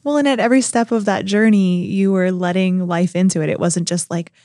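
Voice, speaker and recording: A woman's voice: on the low side, a little fast, few pauses, dark tone, dry recording, studio quality. A woman co-hosting a podcast interview, reflecting on and summing up what her guest has said. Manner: reflective, sums up the guest's points. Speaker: podcast co-host. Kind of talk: conversational interview.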